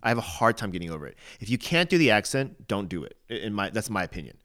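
A man's voice: on the low side, sing-song, fast, a bit bright. A man co-hosting a podcast in casual chat, opinionated and hesitant, often restarting his sentences. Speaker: podcast co-host.

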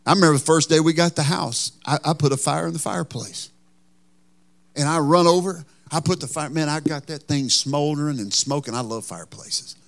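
A man's voice: a little high, brisk, vocal fry, fairly bright tone. A man preaching a sermon as pastor, telling a folksy, joking story.

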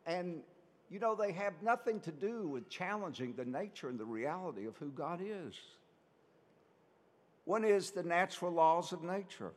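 A man's voice: high-pitched, big pitch swings, moderate pace, in a large hall. A man, a priest, giving a conversational sermon full of rhetorical questions.

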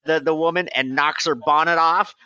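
Eager bright-voiced podcast man. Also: a little high, steady tone, normal speed, smooth, no room sound, highs cut off. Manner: eager, plays along with the bit. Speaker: podcast co-host. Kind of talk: improvised comedy banter.

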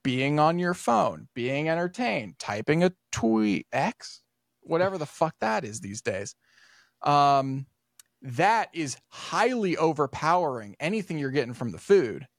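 A man co-hosting a casual podcast, telling rambling stories full of swearing and animated retellings. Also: on the high side, measured pace, gravelly, no room sound, studio quality. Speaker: podcast co-host.

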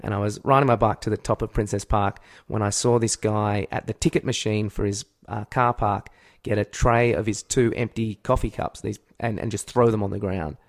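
Australian male podcast co-host, low gravelly voice, lively storyteller who acts out his shouts. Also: moderate pace, few pauses. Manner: animated storytelling, acts out shouts, swears freely. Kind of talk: casual comedic chat.

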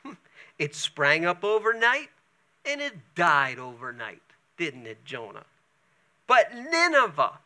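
Man playing calm divine voice, soft slow questions, gravelly edge, bright tone. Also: high voice, pitched above the performer's own voice, full character voice.

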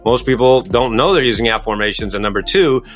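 A middle-aged man speaks fast, in a bright and forceful voice. He answers interview questions with emphatic energy, with faint music underneath. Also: mid-range voice, animated. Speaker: podcast guest, coach.

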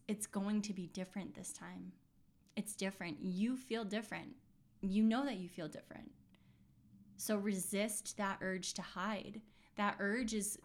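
A woman hosting a podcast and giving an intuitive reading in a casual, chatty monologue, earnest and reassuring, full of fillers and restarts. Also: mid-range voice.

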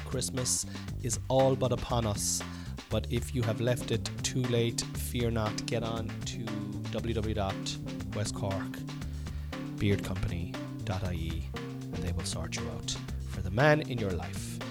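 A middle-aged Irish man hosting a podcast from home while sick, coughing now and then, rambling and swearing, with sudden loud bursts. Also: on the low side, fairly even intonation, measured pace, loud music behind the voice. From Ireland. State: sick with covid, congested and coughing. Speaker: podcast host. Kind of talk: casual solo podcast monologue.

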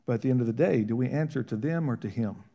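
A man's voice: mid-range voice, fast talker, creaky, dark tone, highs cut off. A man preaching a sermon in a conversational, folksy way, with call-and-response questions and rising emphasis.

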